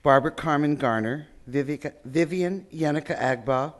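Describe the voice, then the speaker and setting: A man's voice: fairly high pitch, normal speed. A man opening his remarks at an awards banquet by thanking the committee. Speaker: award presenter. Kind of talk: banquet speech. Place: banquet hall.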